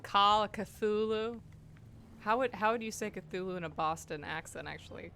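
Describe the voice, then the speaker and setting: A woman's voice: on the low side, quick pace, creaky, fairly bright tone, a little hiss or hum. A woman streaming a video game, making chatty, joking asides over it. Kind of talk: casual let's-play commentary.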